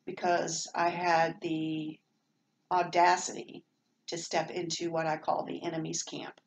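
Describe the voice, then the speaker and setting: A woman's voice: sits low, monotone, a little slow, low-quality recording. A middle-aged woman with a Southern American accent, chatting at length in a meandering home vlog with lots of fillers and restarts. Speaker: vlogger. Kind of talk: rambling casual monologue.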